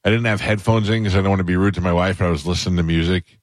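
Low-voiced man telling a comic story. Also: very fast, no echo. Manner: animated, acts out other people's shouting in a higher voice. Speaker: radio show host. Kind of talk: comic storytelling on talk radio.

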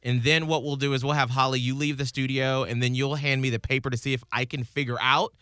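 Man, radio host, mid pitch, bright tone, dry close mic, playful steering. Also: level tone, fast talker, dry recording. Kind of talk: casual radio chat. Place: radio studio.

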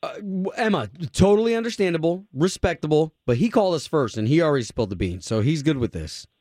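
A man's voice: on the high side, big pitch swings, fast talker, darkish tone, no room sound, studio quality. A male radio morning show host running a call-in segment, upbeat and steering the conversation.

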